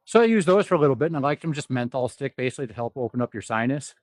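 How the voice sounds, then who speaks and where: Talking rapid-fire with lively intonation, this South Dakota fitness vlogger has a medium-pitched voice made nasal by a stuffy nose. He's streaming from an indoor gym, swearing, rambling and laughing a lot, in clean studio audio without echo.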